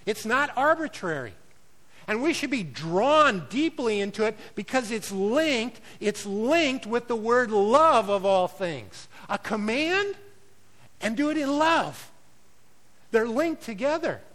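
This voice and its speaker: A pastor delivers a sermon in a high-pitched voice, pressing his points with force. He rises to loud declarations, then drops to quiet, conversational asides. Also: rough recording. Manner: emphatic preaching that swings between loud declarations and quiet asides.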